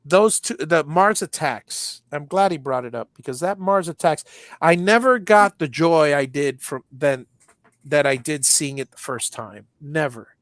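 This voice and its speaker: Animated middle-aged man retelling jokes. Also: a little high, measured pace, no room sound, studio quality. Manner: animated storyteller, acts out movie lines, many restarts. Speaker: podcast co-host. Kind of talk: casual nostalgic chat.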